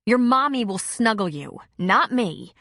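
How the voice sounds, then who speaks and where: A woman's voice: a little high, animated, a little slow, fairly bright tone, no echo, clean studio sound, pitched above the performer's own voice. A woman reading an audiobook, voicing a hurt young woman who answers her ex sarcastically and with indignation. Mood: angry. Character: young woman, angry and hurt, sharp-tongued.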